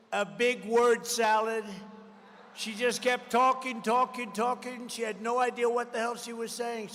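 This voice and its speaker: A man giving a campaign rally speech, combative and repetitive, hammering slogans with bursts of shouting. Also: extremely high pitch. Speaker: political candidate at a rally. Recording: long reverb of a large rally venue.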